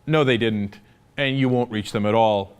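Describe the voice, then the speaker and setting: This political commentator from the United States talks at a normal speed with a smooth, medium-pitched male voice. His opinion commentary is full of indignation, sarcasm, and filler words, and he ridicules opponents with put-on voices.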